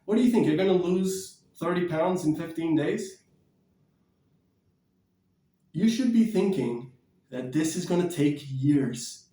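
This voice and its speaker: A man vlogging about diet and exercise in a blunt, energetic, preachy way, sometimes moving about as he talks. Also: fairly high pitch, moderate pace, roomy sound, distant mic. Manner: energetic, bouncing and shadow boxing while talking. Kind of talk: casual motivational vlog.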